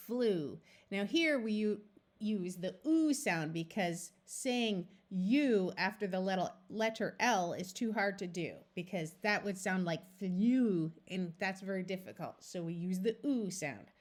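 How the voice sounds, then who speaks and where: Woman phonics tutor, very slow and deliberate, patient sounding-out delivery. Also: mid-range voice, expressive. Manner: sounds out letters slowly and clearly, patient. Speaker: reading tutor.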